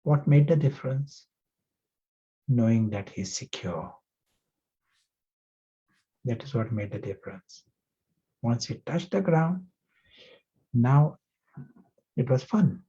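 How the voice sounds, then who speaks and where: A male spiritual teacher speaks slowly and gently, drawing his class into a parable with questions. His tone is warm, dark and husky. The recording is muffled and lo-fi. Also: medium pitch, animated.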